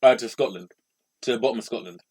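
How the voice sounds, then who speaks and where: A man co-hosting a podcast in a casual, animated way, chatty and quick to laugh. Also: mid-range voice, slightly rough. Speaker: podcast co-host. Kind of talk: casual chat.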